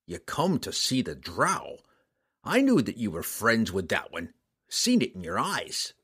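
Audiobook villain: coarse, leering rough man with a slow, lively drawl, voiced by the narrator. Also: lowish voice, heavily acted. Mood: menacing. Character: brutish, menacing rough man. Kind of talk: audiobook character voice.

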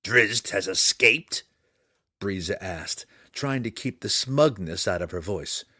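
A man narrating a fantasy audiobook with a dramatic, expressive reading. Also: lowish voice, dry recording, clean studio sound.

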